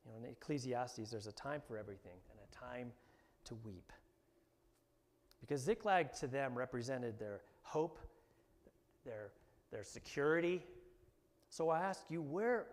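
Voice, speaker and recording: A man preaching a sermon as pastor, animated and often rising to emphatic bursts. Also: mid-range voice, unhurried, pauses often. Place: church hall. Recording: long hall reverb.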